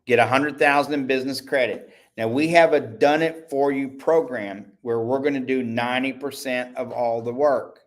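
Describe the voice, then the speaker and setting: A man talking off the cuff on his own livestream, chatty and rambling, with a salesman's pitch. He often stops mid-sentence to correct himself, and his voice sits at an ordinary middle pitch. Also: fairly even intonation, moderate pace, few pauses. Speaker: host and network owner. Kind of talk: casual livestream talk.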